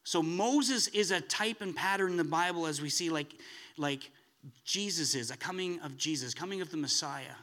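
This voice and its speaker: Bright, lively male preacher. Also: fairly high pitch, moderate pace. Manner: animated, rising to excited emphasis. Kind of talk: sermon.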